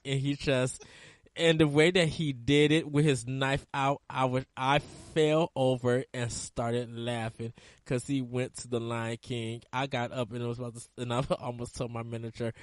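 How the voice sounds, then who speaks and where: A man's voice: mid-range voice, little pitch movement, moderate pace, no room sound. A man hosting a casual gaming podcast, rambling through side stories and laughing often. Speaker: podcast host.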